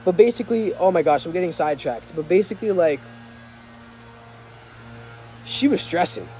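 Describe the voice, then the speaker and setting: With rain falling and a vehicle passing, a young vlogger recounts a story outdoors, slangy and filler-heavy, performing the dialogue in different voices. His warm voice sits high and is expressive, moving at a moderate pace against slight background noise.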